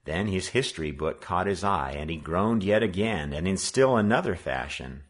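A man reading a children's novel aloud in an expressive, measured way. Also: deep voice. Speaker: audiobook reader. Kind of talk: read-aloud narration.

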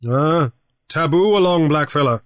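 A man voicing a genial sea captain who speaks briskly and heartily in an audiobook. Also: fairly high pitch, lively intonation, no echo, pitched above the performer's own voice. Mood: hearty. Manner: hearty, brisk pidgin and plain speech. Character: genial male sea captain, firm and friendly. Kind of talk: audiobook character voice.

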